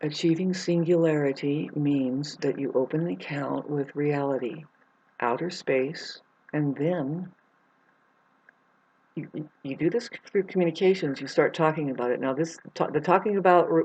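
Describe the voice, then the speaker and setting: A woman talking in a rambling, meandering monologue, jumping between loud bursts and low mutters and swearing freely. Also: moderate pace, slightly rough. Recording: dull lo-fi sound.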